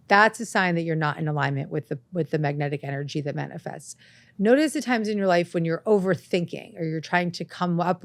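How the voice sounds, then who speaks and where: A woman hosting a self-help podcast, talking earnestly and reflectively, breaking into animated anecdotes. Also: on the low side, no echo. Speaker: podcast host. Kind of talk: motivational self-help talk. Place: studio set with lights.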